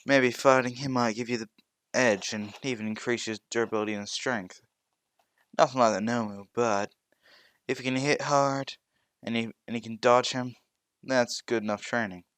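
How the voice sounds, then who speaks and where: A man's voice: medium pitch, fairly even intonation, normal speed, fairly bright tone, clean tone, no room sound, natural voice. A man voicing a boastful, teasing teenage boy scientist in a fan-made audio story. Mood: cocky. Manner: cocky, teasing.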